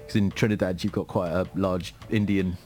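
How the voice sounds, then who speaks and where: A man's voice: low-pitched, fairly even intonation, moderate pace, darkish tone. A man from London hosting a casual music chat, talking hesitantly with lots of fillers. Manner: hesitant, filler-heavy talker. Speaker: host.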